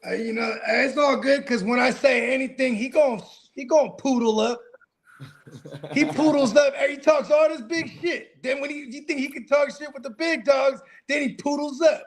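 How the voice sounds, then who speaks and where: A young man co-hosting a football watch party, telling animated stories in casual chat and swearing freely. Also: extremely high pitch, normal speed.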